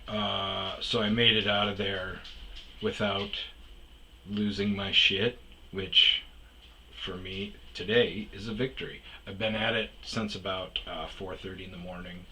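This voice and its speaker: A middle-aged man talks slowly in a rather low voice, cursing as he rambles through an exasperated rant. His tone is very bright and tense. Faint noise sits under the recording. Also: flat delivery. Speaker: podcast host. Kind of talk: casual rant.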